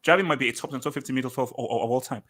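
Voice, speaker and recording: An animated British man hosting a football talk stream and arguing with his chat. His voice has a bright, forceful edge, and he hammers his points home by repeating them. He speaks at an ordinary, mid-range pitch. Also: racing. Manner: emphatic, argumentative, repeats points for effect. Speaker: host of a football show reading live chat.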